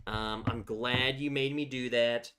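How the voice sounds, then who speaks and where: A man's voice: mid-range voice, steady tone, unhurried, sharp tone, slight background noise. A man hosting a casual livestream, chatting freely, laughing often and reacting to viewer comments. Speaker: livestream host.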